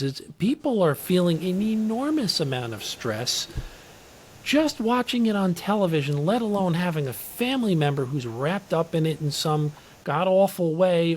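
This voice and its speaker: A man hosts an interview show in a friendly, conversational way. His voice sits a little high for a man. He thinks aloud as he goes, with fillers and restarts. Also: a little mellow, slight background noise. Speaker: show host.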